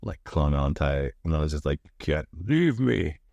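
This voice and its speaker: A man co-hosting a podcast in casual chat, laughing often and acting out quoted lines in higher voices. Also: big pitch swings, moderate pace, creaky, a little mellow, no echo, lo-fi sound. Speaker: podcast co-host.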